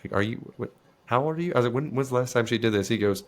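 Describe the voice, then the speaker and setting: A man's voice: mid-range voice, racing, slight background noise. A young man co-hosting a podcast, telling a story in casual chat and acting out the voices in it with lots of swearing. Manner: animated storyteller, acts out friends' lines with profanity. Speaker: podcast co-host.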